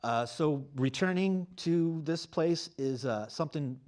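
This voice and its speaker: A man in his fifties giving an award acceptance speech on stage, halting and earnest, on the verge of tears. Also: on the high side, a little mellow. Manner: halting, full of fillers, earnest. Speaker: award winner and graduate student. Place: on stage at a campus award show.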